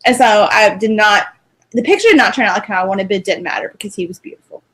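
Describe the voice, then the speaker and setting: A woman's voice: mid-range voice, animated, fast, a bit bright, husky. A young woman co-hosting a podcast in casual chat, talking in a chatty, gushing way and giggling often. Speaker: podcast co-host.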